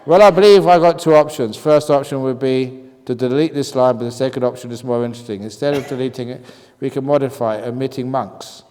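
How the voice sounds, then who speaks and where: A Buddhist monk teacher answers retreat questions in a humorous talk, reading the written questions aloud and chuckling frequently. He speaks fast with few pauses in a mid-range, darkish voice, recorded in a reverberant meditation hall with faint noise.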